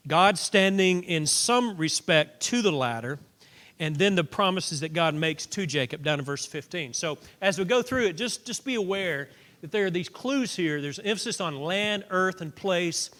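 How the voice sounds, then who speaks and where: A middle-aged man teaches a Bible lesson in a relaxed, conversational manner, often repeating words as he restarts a thought. His voice sits high for a man. The sound rings with the long reverb of a church auditorium. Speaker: preacher.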